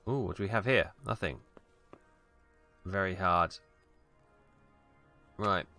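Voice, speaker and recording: A man's voice: low-pitched, slow pace, sharp tone, faint music behind. A British man from Wales giving casual, rambling commentary on a game he plays, full of ums and asides, on a close mic at home. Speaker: let's play host.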